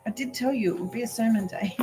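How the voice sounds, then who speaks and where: A woman's voice: fairly high pitch, quick pace, noisy background. A woman who is a spiritual business coach, giving a live video reading in an emphatic, preachy way. She keeps asking "right?", giggles often and swears now and then.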